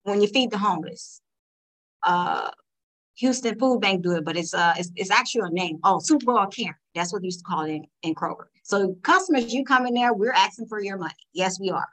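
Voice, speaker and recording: A woman telling a story in a casual, animated chat, with lots of fillers and restarts. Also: medium pitch, a little fast, poor audio. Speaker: guest panelist.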